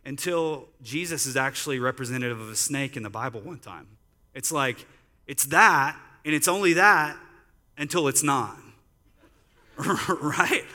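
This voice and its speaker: A man preaching at a church service who tells stories in a chatty, conversational way. His voice is bright and forceful at a medium pitch. It carries through the sanctuary with a long hall reverb. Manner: conversational storytelling, many "like" fillers. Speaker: pastor. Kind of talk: sermon.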